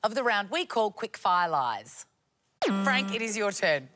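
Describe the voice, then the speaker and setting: A woman hosting a TV panel game, brisk and wry as she moves the show along. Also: mid-range voice, sing-song, noisy background. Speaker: host.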